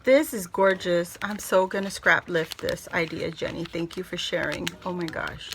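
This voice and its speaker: A woman vlogger chatting casually as she unboxes a craft gift, gushing with excited exclamations. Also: fairly low pitch, normal speed, a little hiss or hum. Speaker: craft vlogger opening mail.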